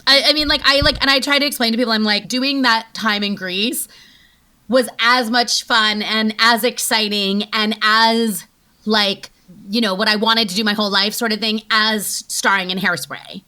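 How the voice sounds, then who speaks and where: A woman in her forties telling stories as an interview guest, chatty and quick, full of "like"s and acted-out quotes. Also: a little high, steady tone, sharp tone. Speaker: guest actress. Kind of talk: casual interview storytelling.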